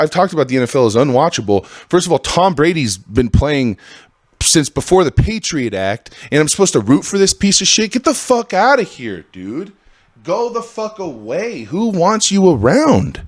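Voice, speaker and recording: A man in his thirties hosting a solo podcast, ranting with constant swearing and jumping into high, exasperated outbursts. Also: no echo, studio quality. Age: 30s. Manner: profane, ranting, swings into high exasperated bursts. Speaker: podcast host.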